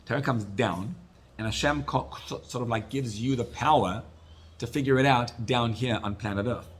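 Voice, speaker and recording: A rabbi giving a Torah class, retelling stories with animated swings between loud and soft. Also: male voice, medium pitch, normal speed. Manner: storytelling, animated rises and drops in loudness.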